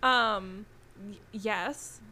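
A woman's voice: mid-range voice, extremely slow, bright, forceful tone. A young woman co-hosting a podcast in casual chat, teasing and giggling often. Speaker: podcast co-host.

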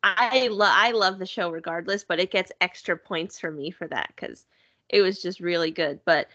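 A woman's voice: lowish voice, moderate pace, fairly bright tone, no echo, muffled recording. A woman in casual conversation, chatty and upbeat, filling her talk with "like" and "you know". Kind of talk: casual chat.

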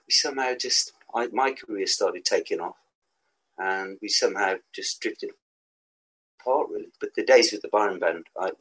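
A musician guest in his sixties, an Englishman with a West Midlands accent, tells rambling stories casually, laughing and restarting as he goes. His voice sits low, with a fairly bright, slightly rough tone, and the recording is rough.

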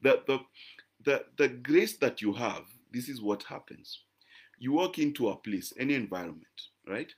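A man's voice: mid-range voice, animated, moderate pace. A man, preaching a teaching sermon in an emphatic, conversational way and often checking in with "right?". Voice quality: croaky voice. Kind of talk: teaching sermon to a live-stream audience.

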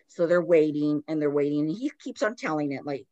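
A woman's voice: deep voice, expressive, brisk, hardly any pauses, warm tone, dry recording. A woman, a podcast host, retelling a story in a loose, casual chat full of "like" fillers.

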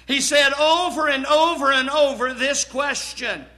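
A man preaching in a strikingly high, bright voice. He takes his time, drawing out each phrase and building to sudden shouts. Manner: dramatic preaching, slow and emphatic, swelling to shouts. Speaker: pastor. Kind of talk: sermon.

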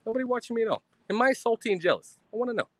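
A man's voice: extremely high pitch, expressive, very fast, dry recording. A man ranting defiantly on a live stream, swearing constantly and mocking his critics with sarcasm.

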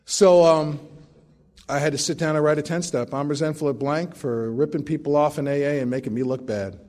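A man's voice: a little high, fairly even intonation, brisk, a little mellow. A middle-aged man sharing his recovery story at a meeting, with wry, self-mocking humor.

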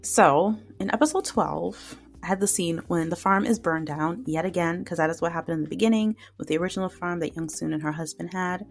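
A woman podcast host talks through drama episodes in a casual, heartfelt ramble. Her voice sits low with some vocal fry. Soft music plays faintly underneath. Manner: chatty, emotional, many fillers and "like". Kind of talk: casual solo recap.

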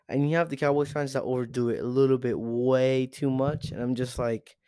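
In a solo sports rant, a teenage boy vents with profanity and exasperation, asking the same rhetorical questions over and over. His mid-range voice is dark-toned, and the dry recording is studio quality.

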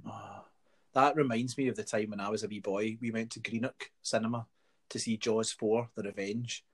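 Scottish man telling animated stories. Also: fairly low pitch, moderate pace. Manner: animated storyteller, acts out other people's voices. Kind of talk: casual chat.

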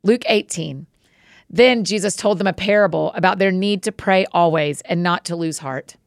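Woman reading scripture aloud, bit of vocal fry, dry close sound. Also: fairly low pitch, moderate pace, no echo. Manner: friendly, encouraging intro then steady reading. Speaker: podcast host reading scripture.

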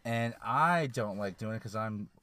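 A man's voice: fairly low pitch, expressive, a little slow, sharp tone. A young man hosting a casual podcast from inside a car, teasing his co-host and rambling with restarts. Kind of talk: casual banter in a parked car.

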